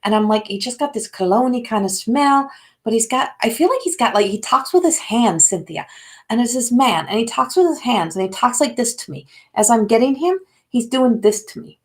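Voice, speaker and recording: A woman's voice: a little high, expressive, brisk. An older woman hosting a live intuitive reading, talking in a rambling way with many fillers and calling viewers by name. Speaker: intuitive card reader.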